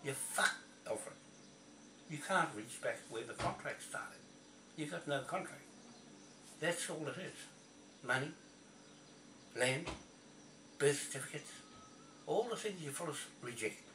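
A man's voice: mid-range voice, lively intonation, unhurried, long pauses, echoey room, recorded from a distance, background noise. A man from New Zealand delivering a blunt, profane, repetitive ranting monologue to camera. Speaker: video blogger.

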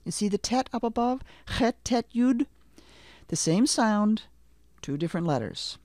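A middle-aged woman teaching a language lesson, slowly and deliberately saying letter names and asking the listener to repeat after her. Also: fairly high pitch, expressive, darkish tone, no echo, clean studio sound. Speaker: Hebrew teacher. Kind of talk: slow, careful language lesson with repetition drills.

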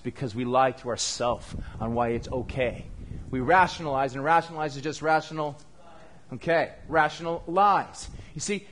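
A man preaching a sermon in a church, animated and acting out quoted dialogue as he goes. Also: moderate pace. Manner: animated, acts out quoted dialogue with shifting pitch and loudness. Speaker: pastor.

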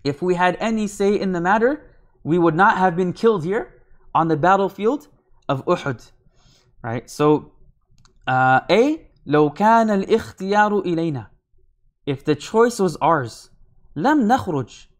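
A male scholar giving a verse-by-verse lesson, racing through the Arabic text at high speed. He slows down to explain each phrase in English, repeating key points and checking in with "right?". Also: lively intonation. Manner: reads Arabic text quickly, then explains it slowly in English. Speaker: Islamic scholar teaching Quran commentary. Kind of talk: line-by-line scripture lesson.

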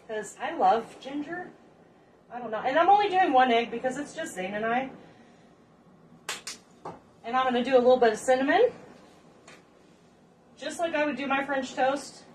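High-pitched and expressive, a little mellow, this woman talks at a moderate pace with long pauses while demonstrating home cooking in her kitchen. She rambles chattily and makes joking asides to viewers. A distant mic picks up faint background noise.

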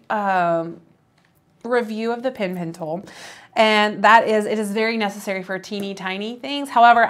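A woman's voice: mid-range voice, a bit bright. A woman co-hosting a casual crafting livestream, playful and self-mocking as she explains each step while working. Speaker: co-host.

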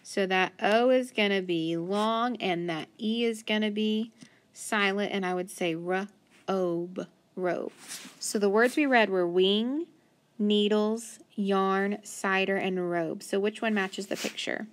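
Woman, phonics teacher, slow pace, patient, sounds words out syllable by syllable. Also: medium pitch. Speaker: reading teacher. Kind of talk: phonics lesson for children.

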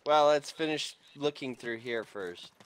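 A man's voice: medium pitch, unhurried. A young man playing a tabletop game, laughing and sometimes speaking as his character. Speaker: player. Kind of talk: casual chat while gaming.

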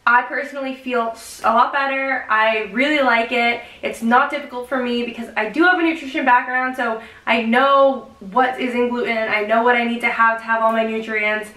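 Speaking to her camera in a loose, chatty vlog, a young woman drops "like" every few words. Her slightly high voice is bright and forward, her pace moderate with few pauses, and she's expressive throughout in a room with a noticeable echo.

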